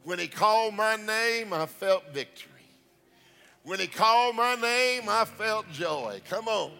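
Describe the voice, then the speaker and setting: Man, sermon, high voice, gravelly edge, chanted shouted preaching, soft music behind. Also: lively intonation, measured pace.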